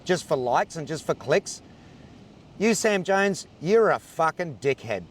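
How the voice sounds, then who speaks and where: A man's voice: on the high side, animated, a little slow. Furious swearing Australian man. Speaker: ranting video poster. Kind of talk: angry rant to camera.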